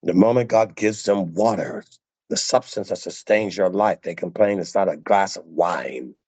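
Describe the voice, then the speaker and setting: A man's voice: low-pitched, normal speed, darkish tone, no echo. A male preacher giving a sermon, emphatic and repeating phrases for stress.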